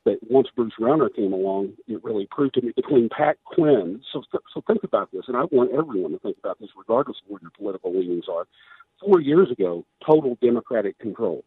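A man's voice: fairly low pitch, lively intonation, fast talker, husky, dry recording. A man, a candidate for governor, making his case emphatically in a radio interview while losing his voice. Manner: emphatic, persuasive, with many restarts. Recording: tinny phone line, dry.

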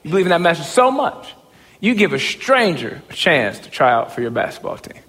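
Animated high-voiced man telling a story. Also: fairly quick, big-room sound. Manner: animated, jumps from low murmurs to excited shouts; stammers and repeats words when excited. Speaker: motivational speaker. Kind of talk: storytelling talk on stage.

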